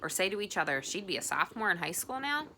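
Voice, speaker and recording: A woman's voice: on the low side, very animated, quick pace, bright, forceful tone, a little hiss or hum, exaggerated voice. A woman reading the lines of an agitated, anxious teenage girl. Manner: agitated, pleading.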